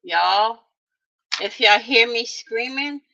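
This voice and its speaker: A woman's voice: fairly high pitch, slow, creaky, pushed and bright. A woman narrating a casual crafting tutorial, chatty and talking straight to her viewers with playful little exclamations, in a dull lo-fi recording. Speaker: craft vlogger.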